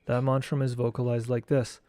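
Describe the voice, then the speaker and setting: A man teaching esoteric studies, reading a lecture text aloud in a slow, measured way and chanting mantra syllables. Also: medium pitch, level tone, mellow, clean tone, no room sound, clean studio sound.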